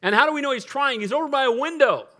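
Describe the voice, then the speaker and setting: A man's voice: very high-pitched, expressive, quick pace, pushed and bright. A middle-aged male pastor preaching a sermon in a conversational, humorous way, often laughing and asking for an amen.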